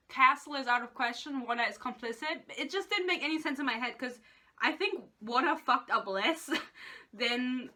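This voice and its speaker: A woman's voice: on the high side, pushed and bright. A woman in a casual book rant, exasperated, swearing often and laughing between points. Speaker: book reviewer.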